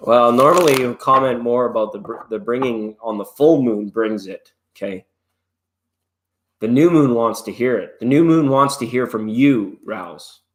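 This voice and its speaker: A middle-aged man chats his way through a live tarot reading, loose and wandering, slipping in jokes as he goes. His voice sits at an ordinary male pitch and stays relaxed and conversational. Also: slight background noise. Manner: loose and playful, drifts into jokes and snatches of song. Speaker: tarot reader hosting a live stream. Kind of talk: casual rambling live-stream chat.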